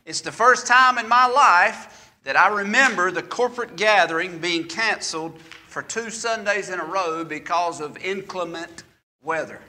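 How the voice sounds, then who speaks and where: Folksy bright-voiced pastor. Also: male voice, high-pitched, normal speed. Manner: folksy, joking storyteller addressing a congregation. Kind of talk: sermon. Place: church sanctuary.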